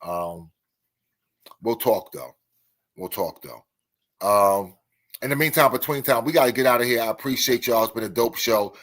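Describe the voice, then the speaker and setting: Rambling, low-voiced man hosting a show. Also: moderate pace, pauses often, a bit bright. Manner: rambling, with many restarts and fillers. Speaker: radio show host. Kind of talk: casual on-air chat.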